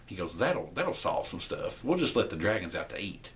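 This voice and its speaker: A young man hosting a podcast, casually recapping an episode and acting out the characters' lines with shifting pitch. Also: sing-song, normal speed, a little hiss or hum. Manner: rambling, acts out quotes with shifting pitch. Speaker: podcast host.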